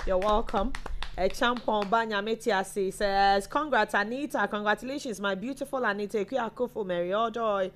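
A woman's voice: medium pitch, moderate pace, a little hiss or hum. Chatty Ghanaian woman reading viewer comments. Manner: chatty, reads names and messages aloud. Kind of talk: live online chat show.

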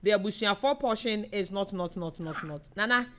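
Reading viewer comments aloud, a young Ghanaian-accented woman keeps her casual live show chatty and animated, breaking into laughter often. Her pitch is medium and her speed normal.

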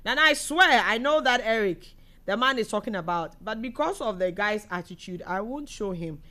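A young woman with a Ghanaian accent hosting a casual live show, reading out viewer comments in a chatty, animated way and laughing often. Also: medium pitch, moderate pace.

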